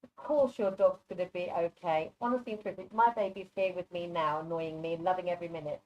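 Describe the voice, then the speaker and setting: A woman's voice: lowish voice, fairly even intonation, fast talker. Chatty psychic reader, woman, affectionate, dull online call audio. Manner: affectionate, chatty, calls people darling. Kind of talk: live online readings.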